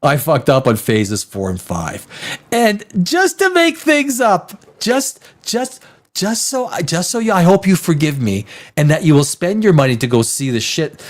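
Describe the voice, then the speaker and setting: A man playing a film studio head at a podium, apologizing in a rambling, profane speech with little real remorse. The voice sits a bit high for a man, and the pitch swings widely as he lurches from line to line. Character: mock-contrite male film studio boss.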